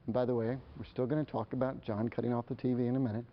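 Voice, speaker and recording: A man giving a live presentation to parents, animated and acting out the exchanges between parents and children. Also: medium pitch, very fast, slight background noise. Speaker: speaker on parenting. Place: lecture hall. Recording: dull lo-fi live recording.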